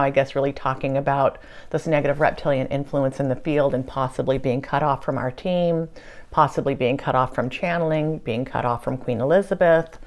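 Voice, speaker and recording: A woman hosting her own show, giving an earnest, halting spiritual monologue with many fillers and restarts. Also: rumbling low, fairly even intonation, a little mellow. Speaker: channeler and show host.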